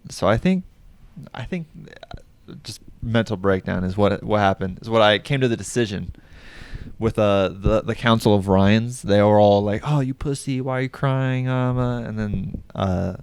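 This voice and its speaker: A young man co-hosting a podcast, joking around and laughing often as he talks through a rough day. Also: on the low side, normal speed, a little mellow, no room sound. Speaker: podcast co-host. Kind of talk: casual chat.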